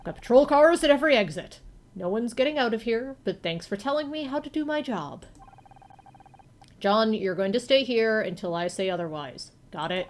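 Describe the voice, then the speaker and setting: A woman voicing a gruff, impatient male senior detective who barks curt orders. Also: fairly high pitch, expressive, normal speed, natural voice.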